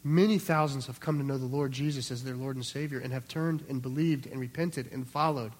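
A man's voice: medium pitch, fairly even intonation, a little fast. A pastor preaching an expository sermon in a conversational way, acting out quoted voices and repeating words as he restarts.

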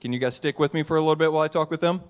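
A man's voice: fairly high pitch, rapid-fire, clean tone. A man, a pastor giving a casual, conversational Christmas sermon to a live church audience and joking with the crowd.

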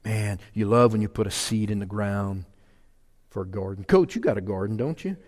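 A man's voice: fairly low pitch, normal speed, a little mellow, big-room sound. A man preaching a sermon in a folksy, emphatic way, repeating his key phrases. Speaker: pastor.

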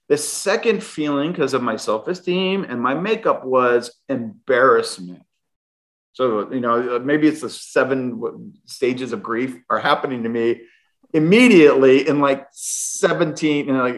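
A man's voice: mid-range voice, moderate pace, a bit bright. A middle-aged man, a guest, animatedly telling a personal story and often restarting his sentences. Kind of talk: storytelling in an interview.

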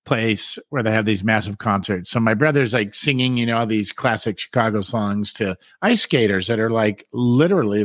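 A man's voice: on the low side, a bit bright, no room sound, studio quality. Rambling talk-show host man. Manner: rambling storyteller, keeps saying "man" and "you know". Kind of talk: casual talk show chat.

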